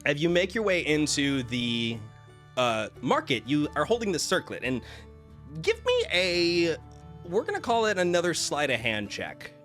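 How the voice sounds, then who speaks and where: Male game master, casual and chatty, animated bright tone. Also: on the high side, unhurried, soft background music. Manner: casual, laughing, many fillers. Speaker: dungeon master. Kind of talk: narrating a tabletop game.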